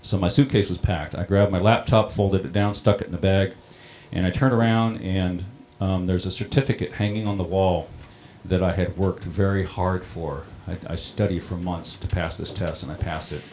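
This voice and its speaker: A middle-aged man who runs a town water system recounts a personal story in a plain-spoken, halting way. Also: low-pitched, steady tone, a little mellow, a little hiss or hum. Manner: plain-spoken, halting, many ums and restarts. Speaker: water district operator on a panel.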